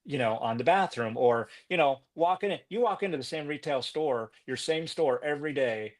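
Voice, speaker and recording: A man's voice: a little high, moderate pace. A man talking as a podcast guest in an upbeat, earnest way, peppering his speech with fillers. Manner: upbeat, earnest, lots of "you know" fillers. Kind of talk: casual conversation.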